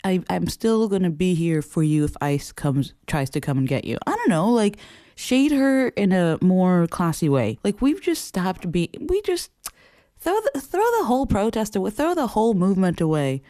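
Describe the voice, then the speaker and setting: A man hosting a casual commentary show, talking in an expressive, sarcastic way, swearing freely and laughing often. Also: high-pitched, normal speed, dry recording, clean studio sound. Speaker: podcast host.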